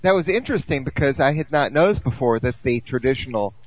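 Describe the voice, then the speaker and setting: A man's voice: medium pitch, expressive, fast talker, no room sound. A man chatting as a podcast guest, thoughtful and trailing off with fillers. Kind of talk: casual chat. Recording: dull dry lo-fi mic.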